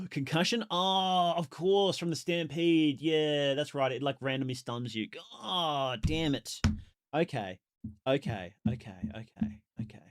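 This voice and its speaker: A man streaming a video game, chatting casually with his chat, reacting loudly with exclamations and laughs. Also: fairly high pitch, takes it slowly, no echo. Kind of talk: casual live game commentary.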